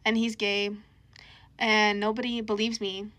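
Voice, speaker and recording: A woman's voice: medium pitch, little pitch movement, unhurried, a bit bright. A young woman casually telling a dramatic personal story, chatty and full of slang.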